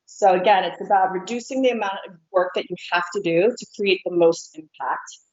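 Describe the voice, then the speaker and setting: A woman, an American hair colorist, calmly walks through each step of painting hair during a live demonstration. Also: medium pitch, brisk. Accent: American, sometimes Northeastern. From born in Korea, raised in New Jersey. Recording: dull lo-fi livestream audio.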